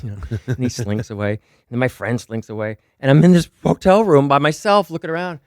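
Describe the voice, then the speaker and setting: A middle-aged man tells his stories with a lively, swinging pitch, jumping into the voices of the people in them. He swears freely and gets more excited as he goes, recorded close and dry in a studio. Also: quick pace, no echo. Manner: excited, profane, acts out voices in his anecdotes. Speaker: guest. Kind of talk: animated storytelling.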